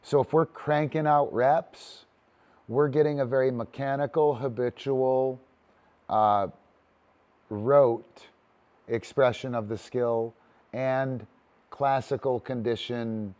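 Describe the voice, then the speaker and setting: A man's voice: medium pitch, fairly even intonation, takes it slowly, long pauses, a little mellow. A man teaching a casual online disc dog training session, talky and loose, breaking into cheery cues to his dog.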